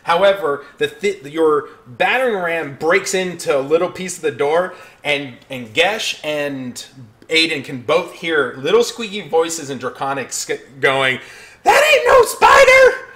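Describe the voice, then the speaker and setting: A man's voice: a little high, a little slow, a bit bright. A man narrating as dungeon master of a tabletop game, rambling and restarting as he describes the scene.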